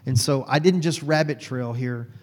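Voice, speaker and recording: A man's voice: medium pitch, normal speed, big-room sound. A man from Texas, a guest telling his personal faith story in an earnest, heartfelt way.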